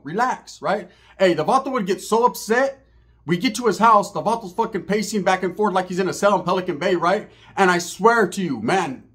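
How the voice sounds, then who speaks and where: This comedian has a high voice with a fairly bright tone. He spins a profane, slangy street story for laughs, performing the lines of its characters in shifting voices.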